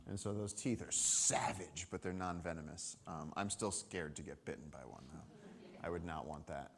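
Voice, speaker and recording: A man giving a storytelling talk about wildlife on a summit stage to a live audience, animated and acting out the people he quotes. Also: deep voice, moderate pace. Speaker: conservation speaker.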